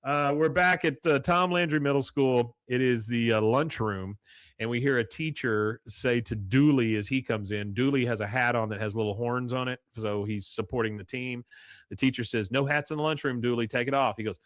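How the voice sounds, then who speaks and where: A man's voice: mid-range voice, moderate pace, no echo, clean studio sound. A man hosting a podcast, chatting casually as he retells a cartoon episode scene by scene with laughs. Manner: animated retelling, reads out quotes with laughs. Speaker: podcast host. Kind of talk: casual chat recapping an episode.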